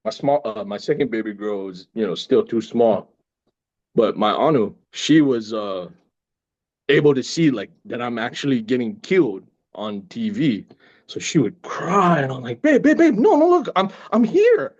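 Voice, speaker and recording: Here the same kind of speaker, a middle-aged male actor on as a guest, laughs his way through animated stories in a casual chat. He talks at a moderate pace with a medium pitch, captured in lo-fi sound.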